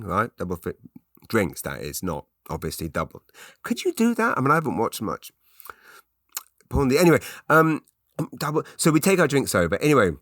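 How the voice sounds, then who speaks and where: English male podcast host, low-pitched, chatty comic storyteller, close dry mic. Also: fairly bright tone, no echo. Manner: chatty storyteller with frequent restarts and put-on voices. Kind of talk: solo comedic ramble.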